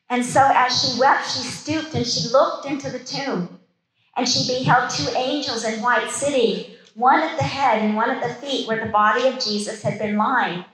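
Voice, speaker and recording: Woman preaching bible study, slightly high voice, reads verses then chats about them, roomy echo. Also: fairly bright tone. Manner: reads scripture, then comments in casual asides. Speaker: Bible teacher.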